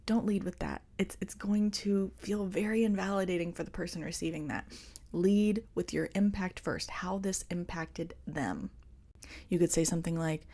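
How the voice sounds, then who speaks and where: A woman hosting a solo podcast, talking in an earnest, confiding way and gently coaching her listeners. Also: lowish voice, moderate pace. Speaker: podcast host. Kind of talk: reflective solo podcast talk.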